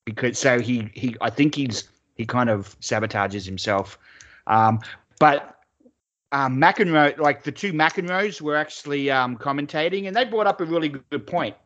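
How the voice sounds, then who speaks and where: A man's voice: medium pitch, expressive, normal speed, a bit bright, lo-fi sound. A man co-hosting a casual sports chat podcast, rambling, swearing freely and laughing often. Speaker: podcast co-host.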